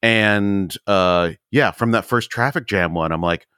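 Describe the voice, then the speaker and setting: A man in casual podcast chat, telling stories with animated asides and quoted reactions. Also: unhurried, smooth, no echo, studio quality. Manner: animated storyteller, jumps high when quoting himself. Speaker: podcast co-host.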